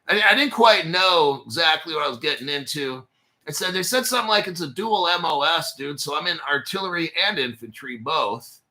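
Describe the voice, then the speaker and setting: Bright, swearing rambling man in his forties. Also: on the high side, lively intonation, brisk. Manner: profane, rambling, laughs between phrases. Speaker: crypto channel host. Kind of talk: casual rambling livestream storytelling.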